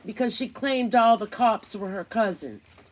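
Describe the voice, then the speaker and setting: A woman's voice: medium pitch, measured pace. A woman hosting a casual commentary vlog, talking in a chatty, indignant, gossipy way. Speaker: commentary channel host.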